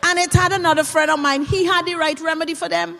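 A woman telling comic stories in a lively creole style and acting out the scenes. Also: extremely high pitch, fast talker, gravelly. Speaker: storyteller. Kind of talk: comic storytelling. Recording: reverberant hall.

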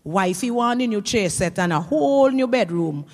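A woman telling comic stories in a lively creole style and acting out the scenes. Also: mid-range voice, normal speed. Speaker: storyteller. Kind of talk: comic storytelling. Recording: reverberant hall.

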